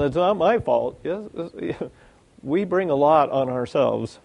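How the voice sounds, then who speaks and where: A man preaching a sermon, reading scripture aloud and acting out the lines of the people in the story with lively energy. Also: a little high, vocal fry. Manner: animated, acts out quoted lines, reads scripture.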